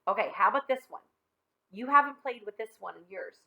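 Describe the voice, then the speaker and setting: A woman voicing a firm, exasperated mother who is clearing out toys in a storybook. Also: a little high, animated, fairly quick, highs cut off. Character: exasperated mother sorting toys with her son.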